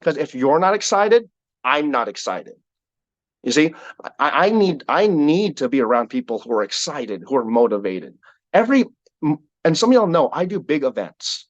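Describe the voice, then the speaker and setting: A man leading a sales team call, giving an energetic motivational talk with a repetitive, preacher-like cadence. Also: a little high, moderate pace, dry recording, dull audio.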